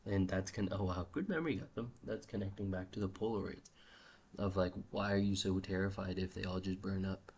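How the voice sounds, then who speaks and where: A man's voice: sits low, fairly quick, a little mellow, breathy edge. A young man talking in a rambling, musing video journal, swearing casually and often trailing off mid-thought. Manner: restless, trails off and restarts. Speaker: vlogger.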